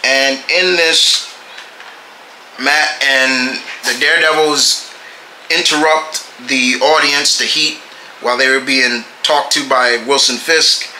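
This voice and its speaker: A man casually reviewing comic books, halting and often restarting his phrases. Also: medium pitch, steady tone, pushed and bright, echoey room, a little hiss or hum, poor audio.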